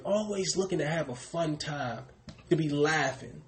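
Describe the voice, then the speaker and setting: Man preaching, sermon, fairly high voice, asks and answers his own questions, trails off at line ends. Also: measured pace. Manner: repeats "brothers and sisters" with falling, quieter tags. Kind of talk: sermon teaching.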